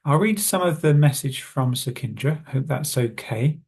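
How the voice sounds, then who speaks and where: A British man teaching English pronunciation, calmly explaining and saying example phrases slowly and clearly. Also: mid-range voice. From Britain. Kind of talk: online lesson, reading notes and modelling phrases.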